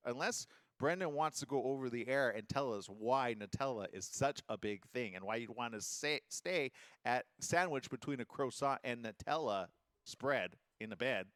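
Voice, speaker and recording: A man's voice: medium pitch, moderate pace, dry recording. A man hosting a morning show, chatting casually and joking through the news. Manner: lively, jokey, animated delivery.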